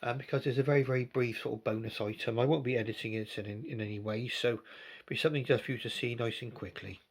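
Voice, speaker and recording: A man in his sixties with a lilt talks through his model railway in a chatty, rambling way. His voice has a gravelly edge at a middling pitch, and he is recorded on a phone. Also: fairly even intonation, quick pace. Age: 60s. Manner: chatty and rambling, with gentle asides. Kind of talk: casual hobby commentary.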